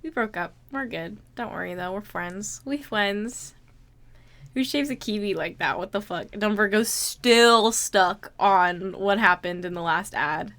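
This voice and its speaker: Speaking at a measured pace with medium pitch and a fairly bright tone, a woman reads out viewer messages on her livestream. She responds to each casually, exclaiming and laughing as she goes.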